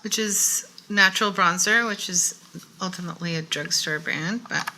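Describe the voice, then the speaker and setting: A woman's voice: on the low side, moderate pace, bright, forceful tone, a little hiss or hum, rough recording. A woman co-hosting a casual makeup chat, joking and rambling a little. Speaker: co-host.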